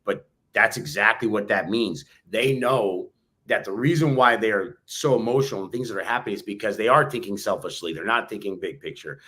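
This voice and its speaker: A man's voice: fairly low pitch, normal speed, pushed and bright. A man co-hosting a motivational podcast, talking emphatically and repeating his points like a pep talk. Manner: emphatic, preachy, repeats phrases. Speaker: podcast co-host.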